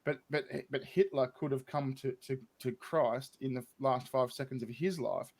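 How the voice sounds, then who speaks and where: An Australian man talks as a guest in a relaxed, unscripted chat. His voice sits at an ordinary middle pitch. He asks probing questions and often repeats himself as he stammers to get a point out. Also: moderate pace. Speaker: interview guest and YouTuber. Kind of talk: casual conversation.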